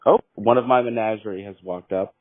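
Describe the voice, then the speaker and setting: A man making a prank phone call, talking slowly in a mystical, deadpan way that breaks into angry swearing. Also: on the low side, heavy background noise. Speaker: prank caller. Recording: tinny phone line.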